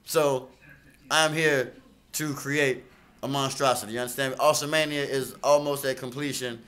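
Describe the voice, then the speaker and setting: A man's voice: medium pitch, steady tone, normal speed, fairly bright tone. A man co-hosting a casual studio chat, boastful and playful as he hypes his own project. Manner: boastful, playful hype talk. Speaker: recording artist co-host.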